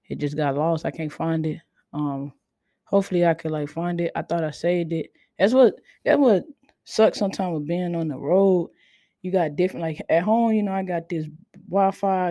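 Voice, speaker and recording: A woman hosting a casual podcast, talking in a laid-back, near-monotone way and sounding tired. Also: on the low side, no echo, clean studio sound. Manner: self-described monotone, laid-back delivery. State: tired, sleepy. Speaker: podcast host. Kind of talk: casual chat.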